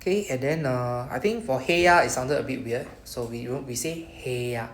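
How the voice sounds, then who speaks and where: A woman with a Singaporean accent, teaching Japanese pronunciation in a classroom, patient and slow when repeating words. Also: rumbling low. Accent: Singaporean English. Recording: echoey classroom with faint noise.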